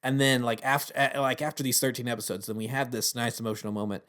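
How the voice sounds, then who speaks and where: A man's voice: medium pitch, little pitch movement, fast talker, a bit bright. A man giving a casual spoken review of a TV series. He talks earnestly and rambles.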